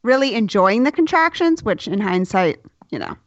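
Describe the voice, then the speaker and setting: A young woman telling a personal story in casual chat, candid and lively, swearing freely. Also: mid-range voice, moderate pace, no echo. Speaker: guest telling her birth story. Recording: dull, dry sound.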